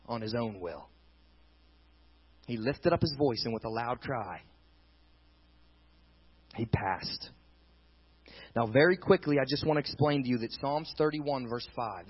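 A man preaching a sermon with dramatic swings between loud intensity and quiet emphasis. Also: medium pitch, slightly rough, lo-fi sound. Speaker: pastor.

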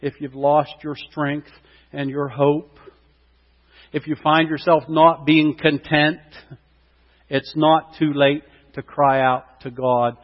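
Speaking slowly in a level tone, a pastor delivers a sermon in a slightly higher voice that swells to loud, impassioned peaks on his main points. The lo-fi, dull recording carries a long hall reverb.

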